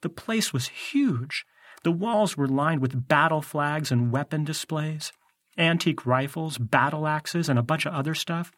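A man's voice: fairly high pitch, measured pace, fairly bright tone, dry recording. A man narrating a first-person audiobook in a wry, conversational way.

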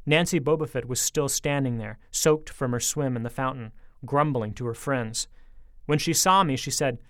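Male audiobook narrator, expressive storyteller, mid pitch, dry close sound. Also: normal speed, no room sound. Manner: lively storytelling, speeding up in tense moments.

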